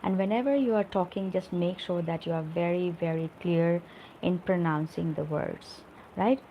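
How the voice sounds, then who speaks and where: A woman's voice: lowish voice, moderate pace, lo-fi sound, slight background noise. A middle-aged woman teaching spoken English in a live online lesson, explaining with examples and often checking in with "right?".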